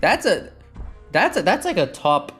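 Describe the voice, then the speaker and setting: A man's voice: high-pitched, sing-song, a little slow, a bit bright, soft background music. Man ranting animatedly between laughs. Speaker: player. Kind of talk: casual tabletop banter.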